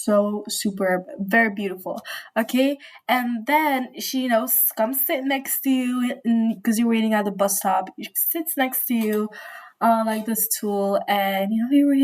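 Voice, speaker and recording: A young woman with a somewhat high voice tells a casual storytime from her room at home. She rambles and gushes, dropping "you know" and "like" all the way through. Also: a little slow. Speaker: vlogger. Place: indoors at home by a window.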